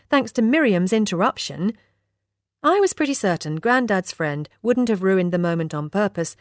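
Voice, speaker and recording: A woman narrating a novel in the first person with lively, expressive storytelling. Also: mid-range voice, no echo, studio quality. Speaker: audiobook narrator.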